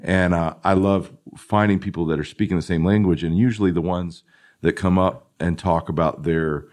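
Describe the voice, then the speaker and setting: A man's voice: low voice, fairly even intonation, normal speed, darkish tone. A man hosting a podcast in a studio, chatting casually with his guest and filling the gaps with brief encouraging affirmations. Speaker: podcast host. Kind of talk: interviewing, casual chat.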